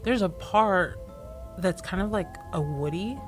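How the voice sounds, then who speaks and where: A woman with a low voice talks in a relaxed, easygoing way on a casual podcast. She laughs easily as she tells a story. Faint music plays behind her. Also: unhurried. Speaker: podcast co-host. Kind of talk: casual chat.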